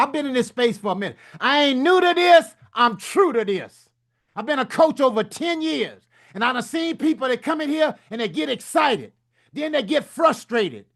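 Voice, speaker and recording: A man with a very high, fairly bright voice, a book coach and summit speaker, delivers a hyped motivational talk. He preaches in call-and-response style, peppered with folksy turns of phrase.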